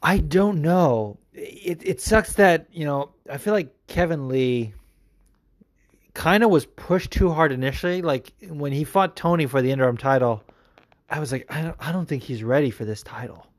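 A man hosting a show of listener calls, talking in a casual, profane and excitable way. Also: a little high, moderate pace, dry recording, clean studio sound. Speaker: podcast host answering listener calls. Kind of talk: casual chat.

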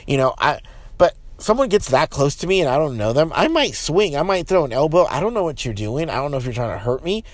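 A man hosting his own podcast, ranting heatedly with lots of swearing and restarts, then settling into a calmer, lower tone. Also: fast talker, no echo. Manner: profane, rambling, frequent restarts. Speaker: podcast host. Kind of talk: casual solo podcast rant.

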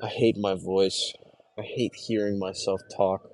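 A young man hosting a podcast, talking to himself in a distressed, halting, brooding confessional monologue. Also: low-pitched, level tone, a little mellow, dry recording. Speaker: podcast host.

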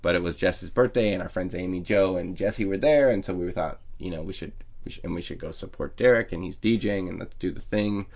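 A man's voice: deep voice, fairly quick, few pauses, a little mellow. A man telling a rambling, profane, self-mocking story as a podcast host. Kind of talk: casual storytelling monologue.

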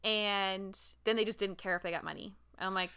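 A woman in her thirties talks in relaxed podcast chat, animated and expressive, with casual swearing and frequent laughter. Her tone is bright and forward, at a middle pitch for a woman. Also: a little fast, clean tone. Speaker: podcast co-host.

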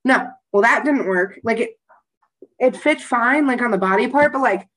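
Young woman podcast co-host, fairly high voice, loose, animated, profane storyteller. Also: moderate pace, low-quality recording. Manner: rambling, animated storytelling with frequent swearing and laughter. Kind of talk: casual chat.

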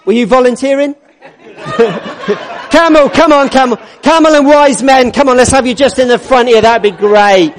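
A man's voice: very high voice, normal speed. A man leading a church congregation, upbeat and jokey as he coaxes people into place. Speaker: church service leader.

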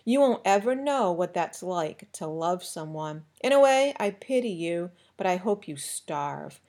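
A woman's voice: lowish voice, animated, unhurried, darkish tone. A woman voicing a determined young boy who speaks firmly and defiantly, raising his voice, in an audiobook reading. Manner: firm, defiant, raised voice.

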